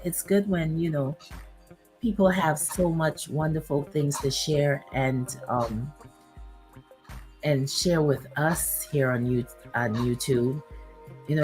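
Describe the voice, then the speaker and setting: A woman's voice: very deep voice, low-quality recording. A woman hosting a casual livestream, chatting with viewers and reading aloud with many fillers, her voice a bit worn. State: losing her voice. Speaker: YouTube livestream host.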